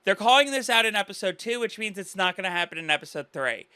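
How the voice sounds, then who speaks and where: Reaction commentator, male, high and very bright voice, earnest and rambling, dry close sound. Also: expressive, quick pace, clear, resonant tone, dry recording. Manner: earnest, rambling, full of "you know" and "like".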